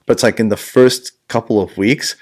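A man's voice: lowish voice, steady tone, moderate pace. A man hosting a casual podcast chat as a jiu-jitsu instructor, rambling, swearing and laughing often.

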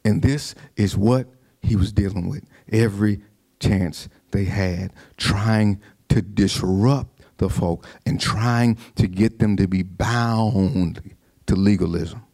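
A man's voice: lowish voice, steady tone, takes it slowly, warm tone. A man preaching a sermon, conversational, with repeated restarts and call-and-response asides to the congregation. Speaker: pastor.

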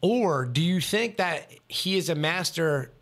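A man's voice: fairly high pitch, expressive, measured pace, fairly bright tone. A man co-hosting a podcast in casual chat, joking and bantering playfully. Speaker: podcast co-host.

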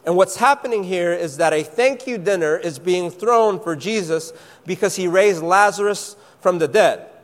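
Male preacher, slightly high voice, playful storyteller, long hall reverb. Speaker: pastor. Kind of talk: sermon.

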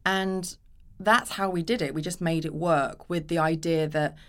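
An actress, speaking in a low-pitched voice at a measured pace, is a guest on an easygoing podcast interview. She tells her stories with animation and performs the quoted voices.

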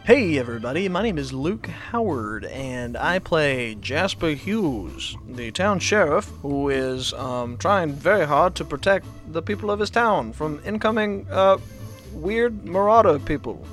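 A man's voice: a little high, lively intonation, measured pace, fairly bright tone, soft background music. A man in casual tabletop game podcast chat, joking and rambling as he talks. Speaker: player and cohost.

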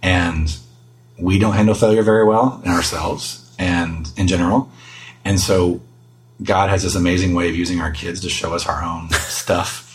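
A middle-aged man speaks in a lowish voice as a guest on an interview. He is earnest and self-deprecating, talking through parenting in a relaxed conversational way. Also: normal speed, faint music behind, low-quality recording.

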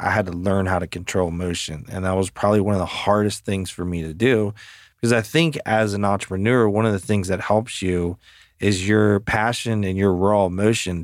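A man's voice: fairly low pitch, no echo, studio quality. A man hosting a podcast in casual chat, blunt and profane, telling stories with emphasis. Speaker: podcast host.

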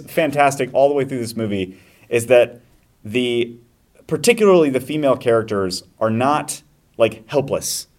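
A man in casual podcast chat, retelling a movie with animated energy and quick acted-out voices. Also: medium pitch. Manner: animated storyteller acting out scenes in voices. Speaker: podcast host.

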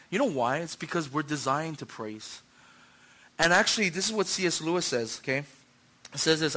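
A young man preaching a sermon, animated, acting out little scenes and swinging from hushed lines to loud ones. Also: a little high. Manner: animated, acts out voices, swings from hushed to shouting. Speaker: pastor.

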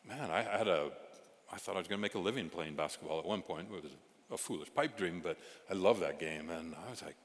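A middle-aged male pastor telling stories in a sermon, animated, moving from loud exclamations to hushed asides. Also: low-pitched, brisk. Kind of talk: storytelling sermon. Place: church sanctuary. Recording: reverberant hall sound.

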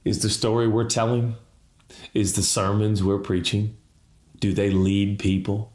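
A man's voice: fairly low pitch, flat delivery, a little slow, a little mellow. A man preaching a sermon as lead pastor, emphatic and building to impassioned appeals. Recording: roomy echo.

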